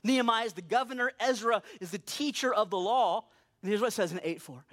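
A male pastor preaching a sermon, animated and emphatic, slowing down to read scripture aloud. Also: high-pitched.

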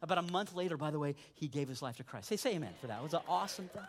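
This pastor rattles through his sermon rapid-fire, spinning animated stories, lowering his voice for asides and lifting it to drive points home. There's slight background noise.

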